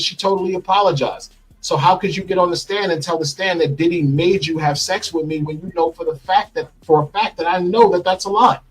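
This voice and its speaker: A middle-aged man telling a personal story in an interview, animated and acting out the lines he quotes, played from a clip. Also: sits high, a little fast, husky, poor audio. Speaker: interview guest.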